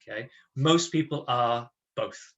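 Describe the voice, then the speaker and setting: Energetic man leading a webinar. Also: mid-range voice, slow, lo-fi sound. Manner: energetic, chatty, checks in with listeners with tag questions. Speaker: motivational webinar presenter. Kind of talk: lively talk to an online audience.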